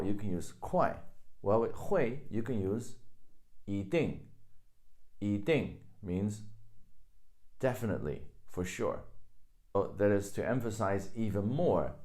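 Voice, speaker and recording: A man's voice: low voice, darkish tone. A man teaching a language lesson, patiently explaining grammar and repeating each example sentence.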